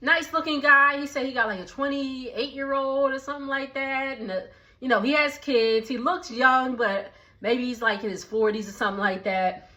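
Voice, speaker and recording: A woman giving a casual, gossipy recap of a reality TV episode, chatty and quick to laugh. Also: sits high, sharp tone. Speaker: TV recap vlogger. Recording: dull lo-fi sound.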